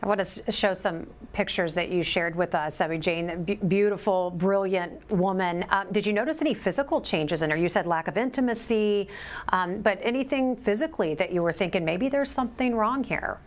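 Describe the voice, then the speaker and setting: A woman hosting a medical show, asking gentle, halting questions. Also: mid-range voice. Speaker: host.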